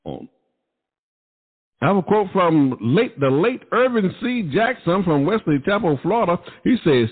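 Man, gospel radio host, emphatic showman delivery, slightly high voice, long reverb. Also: big pitch swings, moderate pace, breathy edge. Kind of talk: gospel radio show hosting. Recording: tinny phone-like sound, long reverb.

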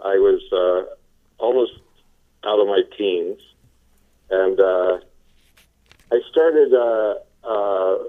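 A man from the Los Angeles area, a sales trainer being interviewed, telling his story in a relaxed way with many fillers. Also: deep voice, extremely slow, long pauses. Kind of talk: casual phone interview. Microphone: telephone. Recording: tinny phone line.

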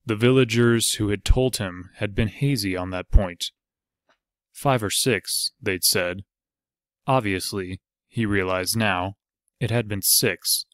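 A man narrates an audiobook in a steady, measured way. His voice sits low and unhurried. The sound is dry and close, with no room around it. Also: no room sound. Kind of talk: scripted narration.

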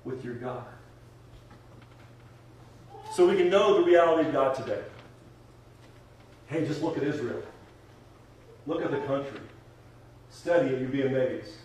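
A man's voice: mid-range voice, measured pace, pauses often, darkish tone, recorded from a distance, a little hiss or hum. A man preaching a sermon and leading a closing prayer as pastor, emphatic, repeating phrases and building to fervent exhortation. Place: church sanctuary. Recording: very echoey church hall, voice from afar.

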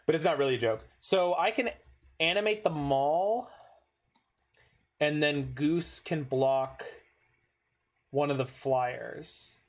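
A gaming streamer with a fairly high-pitched male voice talks slowly and pauses often as he casually commentates his own card game. He mutters to himself while playing, breaking into frustrated, sweary outbursts whenever a play goes wrong.

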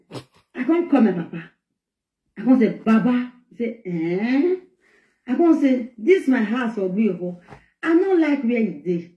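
A woman's voice: a little high, distant mic. A woman with a Nigerian Pidgin accent telling an emotional personal story on a live stream, acting out what people said. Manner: emotional storytelling with quoted dialogue. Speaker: guest speaker. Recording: echoey, dull audio.

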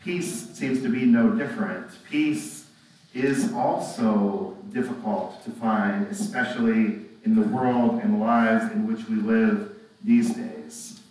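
A man preaching a reflective sermon as pastor, often ending thoughts with tag questions. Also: mid-range voice. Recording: echoey room, mic far off.

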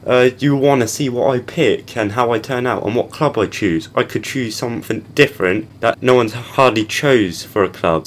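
A young man giving casual gameplay commentary and heckling the game characters. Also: lowish voice. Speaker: gaming channel host.

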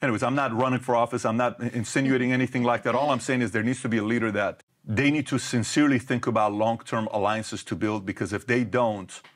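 A man's voice: medium pitch, fairly even intonation, quick pace, hardly any pauses. A middle-aged man as an interview guest, talking emphatically and firing off rhetorical questions. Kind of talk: conversational interview.

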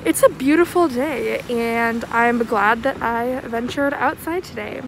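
A woman in her twenties chats to a handheld phone camera, a touch higher-pitched than most. She is self-deprecating and quick to laugh at herself, with faint background noise behind her. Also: vocal fry, poor audio. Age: 20s. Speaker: vlogger. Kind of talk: casual vlog chat.

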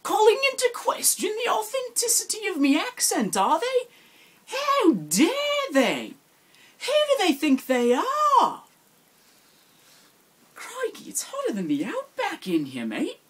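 A man's voice: very high-pitched, wildly swooping pitch, slow pace, fairly bright tone, pitched above the performer's own voice, exaggerated voice. A man putting on a huffy fake-Aussie bloke. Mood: indignant. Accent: put-on Australian. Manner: indignant, theatrical. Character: pompous young man, fake Australian accent. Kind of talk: mock reality-show confessional.

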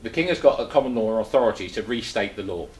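A man's voice: fairly low pitch, expressive, fast, echoey room, low-quality recording. An older man from England giving a chatty talk to a small group, full of rhetorical questions and restarts. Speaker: presenter. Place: meeting room.

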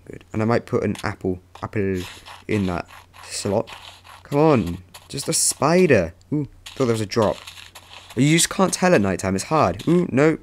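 A man's voice: lowish voice, sing-song, unhurried, slight background noise. A young man rambling chattily through casual gameplay commentary as a let's play host, breaking into sudden yelps.

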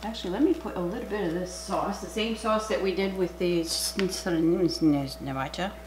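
A middle-aged woman with a Canadian accent, chatting excitedly through a cooking video at home and sometimes dropping to a whisper. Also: fairly low pitch, moderate pace. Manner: chatty and excitable, drops to a whisper over food. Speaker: cooking channel host. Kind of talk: casual cooking vlog chat. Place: home kitchen. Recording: noisy home recording.

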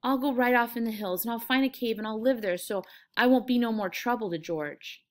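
A woman reading aloud the part of a simple-minded, childlike man who speaks softly and pleadingly. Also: on the high side, fairly quick, natural voice. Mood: miserable. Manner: soft, pleading.

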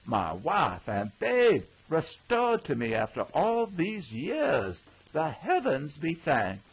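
A hammy stage actor pleads and declaims in grand, overblown tones, as a narrator puts him on. The voice is husky and swoops widely. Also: male voice, medium pitch, wildly swooping pitch, takes it slowly, pitched above the performer's own voice, exaggerated voice. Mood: melodramatic. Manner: melodramatic, begging. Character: theatrical, pleading actor husband.

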